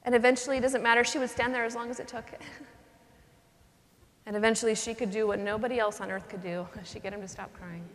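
A woman's voice: a little high, steady tone, fast talker. A woman, a nun giving a charismatic retreat talk, teaching in an earnest, conversational way and acting out little scenes. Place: cathedral. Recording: long cathedral reverb.

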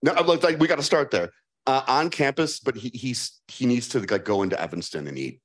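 Man, Chicago accent, lively pitch swings, playful, acts out quoted voices, live Q&A answers. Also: fairly quick. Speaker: speaker answering audience questions. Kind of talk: live fireside Q&A.

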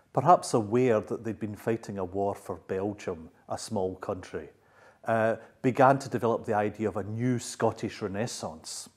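A man explains in an interview as a literary scholar, with a measured delivery and frequent filler pauses. His voice sits fairly low. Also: husky.

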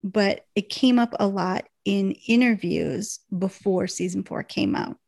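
Podcast co-host, female, gravelly edge, dry close sound, chatty episode recapper. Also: medium pitch, a little slow, no room sound. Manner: animated storytelling, laughs often, many fillers. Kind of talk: casual chat.

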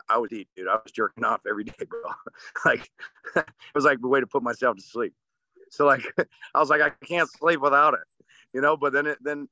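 A man with a bright, pressing voice delivers fired-up motivational talk laced with swearing. His tone is forceful and direct, as if urging the listener on. The sound is dry and close. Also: mid-range voice, no echo. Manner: intense, profane, motivational. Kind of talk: casual podcast talk.

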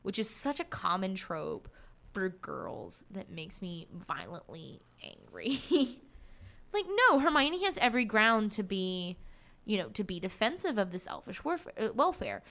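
Animated young woman with a lively voice. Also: medium pitch, a little slow, creaky. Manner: animated, many fillers and restarts. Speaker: podcast co-host. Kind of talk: casual book discussion.

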